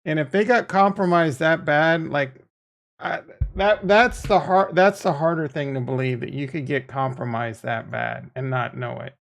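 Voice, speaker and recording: Man, crypto livestream host, gravelly voice, loose profane rambling, chatting with viewers. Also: a little high, normal speed. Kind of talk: casual livestream chat reading viewer comments.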